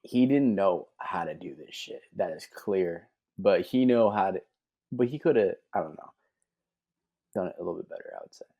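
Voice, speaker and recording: A young man co-hosting a casual reaction podcast, laid-back and halting, with jokes. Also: low-pitched, expressive, highs cut off. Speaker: podcast co-host.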